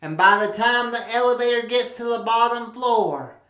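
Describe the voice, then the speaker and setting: A woman's voice: a little high, expressive, moderate pace, fairly bright tone. A woman hosting a podcast, telling a crude comic story full of swearing and rambling asides. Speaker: podcast host. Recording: roomy echo.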